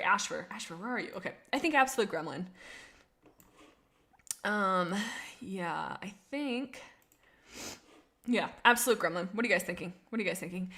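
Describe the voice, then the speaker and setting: A young woman streaming casually, chatting with her viewers and gushing about characters she loves. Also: mid-range voice. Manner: gushing, excitable, reads chat aloud. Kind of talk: casual live-stream chat.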